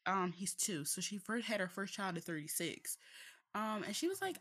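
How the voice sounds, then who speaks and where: A young woman co-hosting a casual podcast chat, telling stories in an animated way, full of fillers, restarts and laughter. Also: mid-range voice, moderate pace, slightly rough. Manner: chatty, animated storytelling with frequent laughs. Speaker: podcast co-host.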